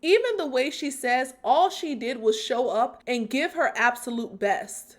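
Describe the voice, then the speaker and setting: A woman hosting a commentary channel, talking through a controversy in an earnest, analytical and emphatic way. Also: high-pitched. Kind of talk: scripted commentary.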